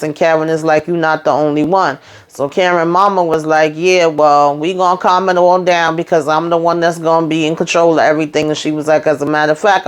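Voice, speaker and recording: Animated woman recapping a TV episode. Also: clear, resonant tone. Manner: animated retelling, acts out quotes with rising pitch. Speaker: TV recap YouTuber.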